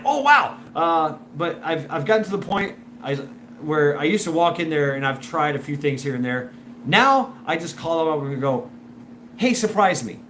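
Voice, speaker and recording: A man hosting a show in a casual, rambling monologue, full of restarts and repeated words, and animated when he imitates other people. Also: fairly high pitch. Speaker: show host. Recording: noisy background.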